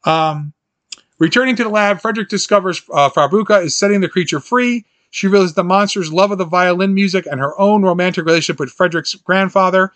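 High, bright-voiced animated man. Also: fast talker, dry recording. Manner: animated, quotes scenes in jumpy high voices, laughs often. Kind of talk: casual film recap chat.

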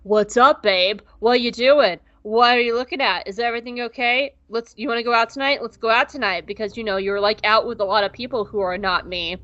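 A woman voicing a clingy young boyfriend who fires off quick, nagging questions. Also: fairly high pitch, a bit bright, no room sound, lo-fi sound, natural voice.

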